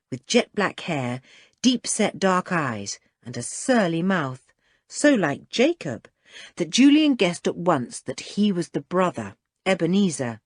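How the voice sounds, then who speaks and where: Woman, storybook narrator, very lively pitch, dry close recording. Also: husky, no echo. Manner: expressive, dramatic reading. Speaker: audiobook reader.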